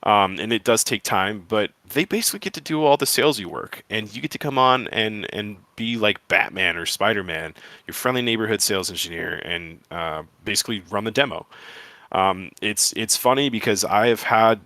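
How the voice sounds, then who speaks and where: Guy rambling about his sales engineer job, lots of um and like, bright kinda forceful voice. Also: fairly low pitch, moderate pace, no room sound. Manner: rambling, lots of fillers and restarts. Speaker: cyber security sales engineer. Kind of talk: casual talk to camera.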